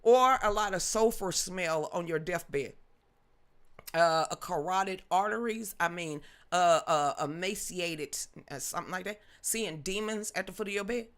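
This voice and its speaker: A woman with a fairly low voice hosts an unscripted political live stream, talking a little slowly. Her manner is sassy, animated and mocking, and she greets chat viewers by name.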